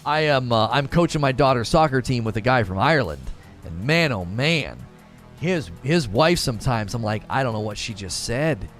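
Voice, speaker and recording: A man's voice: medium pitch, animated, moderate pace. A man in his thirties from the United States hosting a casual live stream, reading chat aloud, laughing often and restarting his sentences. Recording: faint music behind.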